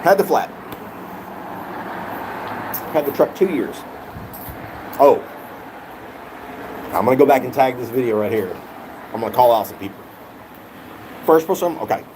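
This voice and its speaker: A man's voice: medium pitch, measured pace, long pauses, background noise. A man vlogger telling a rant-style story with heavy swearing and a lot of repetition. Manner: animated, profane, repeats himself.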